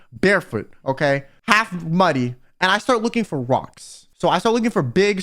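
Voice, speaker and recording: A young man tells a story to his viewers in a high, animated voice that swings up and down. He sounds exasperated and talks straight to the listener, casual and chatty. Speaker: vtuber storyteller.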